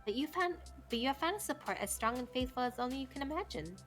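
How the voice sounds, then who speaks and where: Woman doing a british-accent nurse girl, teasing, fast and swoopy, faint music behind. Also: high-pitched, animated, fairly bright tone, pitched above the performer's own voice. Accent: put-on British. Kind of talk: reading game dialogue aloud.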